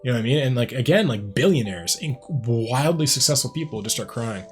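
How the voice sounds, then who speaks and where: A man reacts to music in a casual video, rambling and reflecting, with lots of "like" and "um." He speaks in an expressive mid-range voice at a fairly quick pace.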